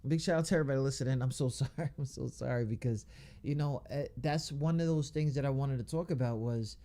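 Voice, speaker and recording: A man's voice: medium pitch, fast talker, dark tone. A man hosting a casual radio interview, talking loosely with slang, frequent laughs and restarted sentences. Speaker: radio show host.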